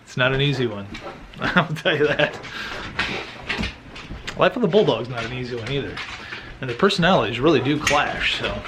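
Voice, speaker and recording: A man's voice: medium pitch, expressive, moderate pace, long pauses. Rambling man vlogging at home. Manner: rambling, joking, self-interrupting. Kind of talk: casual vlog chat. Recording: noisy home recording.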